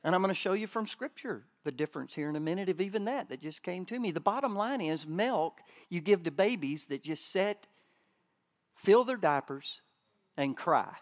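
Preacher, man, high and lively, joking sermon delivery. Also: normal speed. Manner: animated, joking, swinging loud to soft. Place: church or conference hall.

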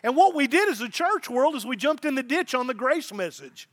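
A man's voice: very high voice, very animated, fairly quick, a bit bright. A middle-aged man, a pastor, preaching a sermon with emphasis and repeated phrases.

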